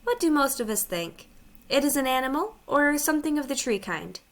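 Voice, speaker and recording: A woman voicing a mild, thoughtful she-elephant who reasons gently, in a storybook reading. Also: high-pitched, sing-song, fairly quick, voice pushed up.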